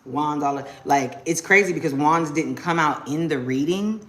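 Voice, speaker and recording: A young adult woman giving a casual live-stream tarot reading, slangy and quick to exclaim. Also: low-pitched, a little hiss or hum. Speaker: tarot reader.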